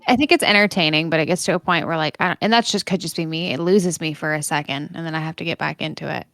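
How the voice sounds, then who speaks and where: A woman's voice: low-pitched, fast talker, a bit bright, dry recording. A woman chatting casually on an online voice call, blunt and brief. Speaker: tier list panelist. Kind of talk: casual group chat.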